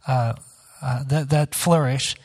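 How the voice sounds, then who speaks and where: A man moderating a debate, putting questions to a panelist with many halting restarts. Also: medium pitch, steady tone, breathy edge. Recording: long hall reverb.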